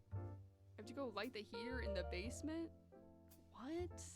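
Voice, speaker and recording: A young woman from North Carolina, chatting casually with her live-stream viewers in a sassy, animated way. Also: fairly high pitch, unhurried. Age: young adult. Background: music.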